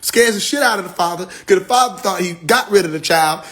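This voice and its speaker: A man with a slightly high voice talks loosely and warmly to his followers on a livestream. He slips into slangy storytelling, acts out the lines of the people in his stories, and laughs between his points while calling on his listeners directly. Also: fairly quick. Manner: slangy storytelling with acted quotes. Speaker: spiritual speaker on a livestream. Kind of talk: casual livestream talk to followers.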